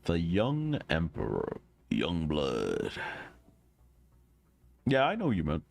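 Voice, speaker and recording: A man reading a story game aloud, joking between lines in animated asides. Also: low-pitched, slow, creaky, slight background noise. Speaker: game streamer.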